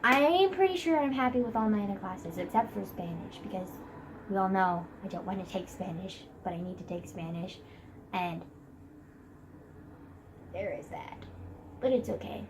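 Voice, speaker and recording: A woman's voice: mid-range voice, animated, normal speed, pauses often, noisy background. A teenage girl vlogging casually about school from her bed, rambling and dramatic with many fillers. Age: teens. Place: bedroom, sitting on a bed.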